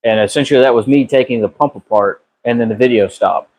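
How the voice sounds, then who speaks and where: A man's voice: medium pitch, quick pace, low-quality recording. A man live-streaming from his garage on a phone, chatting casually with viewers by name and swearing freely. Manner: relaxed, drawling, swears freely, answers chat by name. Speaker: car builder live-streaming a transmission repair. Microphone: phone camera.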